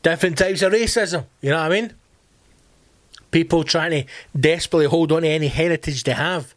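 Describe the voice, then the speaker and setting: A Scottish man with a Glasgow accent, in his thirties, hosting a solo comedy podcast from home, animated, swearing freely and calling his listeners team. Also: a little high, quick pace, no room sound. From Scotland. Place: home during lockdown.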